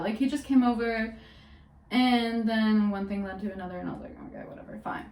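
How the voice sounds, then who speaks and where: High-voiced young woman telling a story. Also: a little mellow. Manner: gossipy, peppered with "like", laughing often. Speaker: vlogger. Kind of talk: casual storytime chat. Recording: roomy sound from a distance off the mic.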